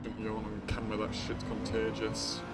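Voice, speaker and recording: A very tired man giving casual commentary while he livestreams a racing game, low-key, trailing off and groaning between remarks. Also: completely flat delivery, normal speed, vocal fry, over loud music. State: very tired, yawning. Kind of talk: casual live-stream commentary.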